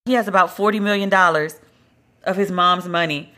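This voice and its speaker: Woman doing a solo podcast, bright edgy voice, blunt and emphatic, stretches out her big words. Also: fairly low pitch, fairly even intonation. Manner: emphatic, blunt and conversational, drawn-out stresses. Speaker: podcast host.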